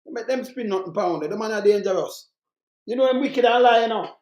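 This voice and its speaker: Brisk and a little mellow, a medium-pitched voice with a Jamaican accent delivers a heated political monologue. The commentator rants fiercely in patois and repeats his points, with a roomy echo on the recording.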